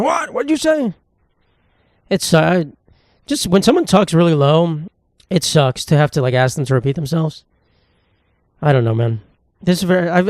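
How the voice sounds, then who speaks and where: In this casual solo podcast monologue, a man in his twenties sits at a table in an indoor room and pokes crude fun at himself. His voice is a little high and a little mellow, recorded dry at studio quality.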